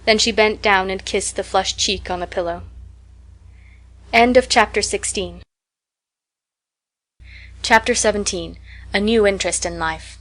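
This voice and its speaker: A woman's voice: medium pitch, a little slow, long pauses, fairly bright tone. Woman narrating a classic novel. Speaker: audiobook narrator. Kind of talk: scripted narration.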